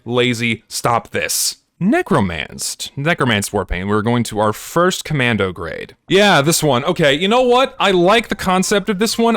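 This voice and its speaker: A man's voice: mid-range voice, a bit bright. A man giving a blunt, swear-heavy game review, talking emphatically. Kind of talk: ranting review commentary.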